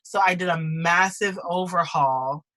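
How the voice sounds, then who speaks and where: A woman's voice: on the low side, unhurried, bright, forceful tone. A woman in her twenties, a singer-songwriter, chatting casually from her bedroom over a video call, laughing often and restarting her sentences. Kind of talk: casual chat and acoustic singing. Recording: guitar music behind the singing.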